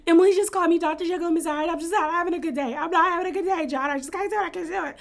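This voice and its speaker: A woman mimicking a distraught, rushed woman. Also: fairly even intonation, vocal fry. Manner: high, rushed, overwrought. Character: distraught middle-aged woman on the verge of tears.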